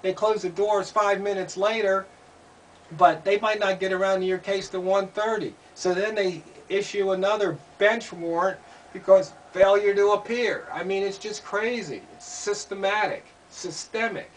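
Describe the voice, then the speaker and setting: Delivering his opinions at a moderate pace in a steady, high-pitched voice, a male commentator keeps asking pointed rhetorical questions and going over the same points. It's recorded on a distant mic with faint noise in the background.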